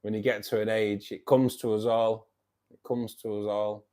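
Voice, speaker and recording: A man's voice: on the low side, little pitch movement, moderate pace, warm tone. Chatty, laughing man in his fifties. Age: 50s. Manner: chatty, self-mocking, laughs often. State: tired. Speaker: livestream host. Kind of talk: casual live-stream chat.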